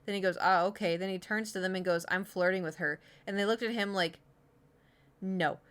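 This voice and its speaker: A woman's voice: medium pitch, steady tone, moderate pace, clean tone. Giggly, chatty woman streamer from Oklahoma. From Oklahoma, USA. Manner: giggly, self-mocking, chatty with many fillers. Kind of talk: casual chat reading old diary entries aloud.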